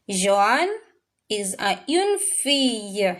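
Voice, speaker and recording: A woman teaching a French class, drilling words slowly and repeating them, now and then mixing in Swahili phrases. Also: medium pitch, animated. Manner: slow, repetitive drilling of words. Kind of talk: classroom language lesson.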